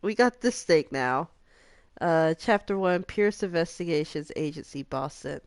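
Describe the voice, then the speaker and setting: A woman's voice: deep voice, a little slow, no echo, clean studio sound. A woman hosting a live game stream, chatting casually and laughing often.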